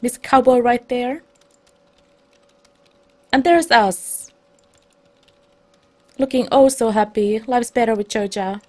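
A woman hosting a let's play, chatting in a bubbly, excitable way as she starts a new game. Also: a little high, slow, pauses often. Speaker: let's play streamer and host. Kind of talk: casual gameplay commentary.

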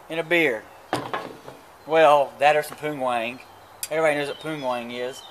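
A man's voice: fairly high pitch, fairly even intonation, normal speed, pauses often, background noise. A man chatting casually while cooking outdoors at a grill, crude and joking, stumbling over his words. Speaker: cooking vlogger. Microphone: camera mic.

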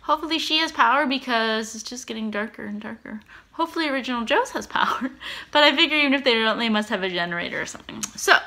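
A woman's voice: on the high side, lively intonation, fast talker, sharp tone. Woman, casual home vlog, rambling chatter, fillers and giggles. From Canada. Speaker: vlogger. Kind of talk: casual chat to camera. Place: home, indoors.

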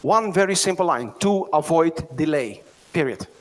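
A man's voice: a little high, expressive, normal speed, a little hiss or hum. A middle-aged man with a Dutch accent giving a conference keynote, telling stories and often checking in with "right?". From Netherlands. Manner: storytelling, asks the audience "right?" often. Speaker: keynote speaker.

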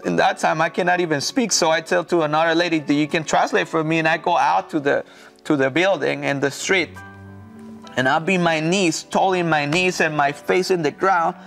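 A pastor from Mexico telling his testimony in halting, earnest English with a Mexican Spanish accent. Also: on the high side, fairly even intonation, creaky, a bit bright, faint music behind. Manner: earnest, halting non-native English with repeated restarts. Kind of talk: personal testimony in an interview.

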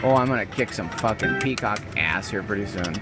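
A man's voice: fairly low pitch, fairly quick. A man playing a slot machine live in a casino, commentating with profane, joking rants. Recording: loud slot machine music behind. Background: loud slot machine music.

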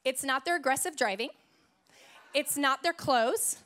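A woman pastor from Idaho preaching a sermon in church, telling stories in a playful, lively way. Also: high-pitched, measured pace.

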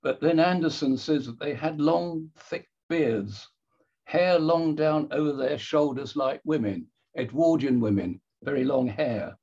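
A man giving an illustrated history talk with slides, measured and wry, pausing and correcting himself as he goes. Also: fairly high pitch, a little mellow, slightly rough, muffled recording.

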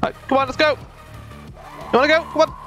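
A woman's voice: high voice, steady tone, fairly quick. A young woman chatting casually over her gameplay, laughing often and talking back to the game and her chat. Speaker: streamer. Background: faint game music.

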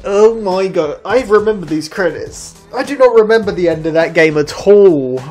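A gaming channel host giving let's play commentary, excitable, laughing often and talking to themselves. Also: medium pitch, normal speed. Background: game music.

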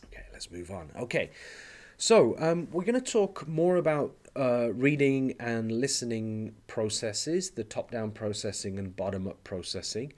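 A male teacher giving an online lecture, explaining step by step in a relaxed way and often pausing with "okay" and "um". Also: medium pitch.

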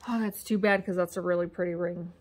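A woman's voice: on the low side, steady tone, fast talker. A woman co-hosting a casual video, sorting through found items, curious and playful, wondering aloud about each piece. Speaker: co-host sorting a storage unit find. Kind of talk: casual on-camera chat.

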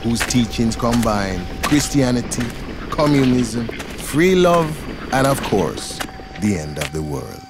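A man's voice: mid-range voice, big pitch swings, slow, music in the background. A man narrating a scripted story in the second person, in a dramatic storytelling manner.

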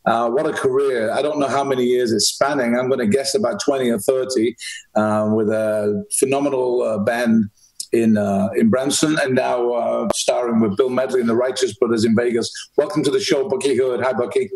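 A man's voice: mid-range voice, steady tone, moderate pace, a little mellow, low-quality recording. A man from England, hosting a podcast interview in a chatty, upbeat way. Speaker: podcast host. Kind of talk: casual interview chat.

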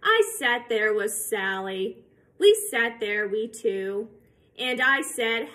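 A woman reading a picture book aloud to children, slow and expressive, pausing to ask her listeners questions. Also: fairly high pitch. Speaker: storybook reader.

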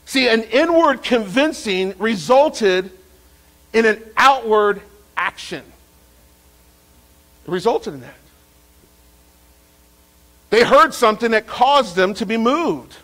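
High-voiced pastor preaching a sermon. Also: male voice, slow pace, long pauses, rough recording. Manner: lively preaching with repeated phrases and restarts.

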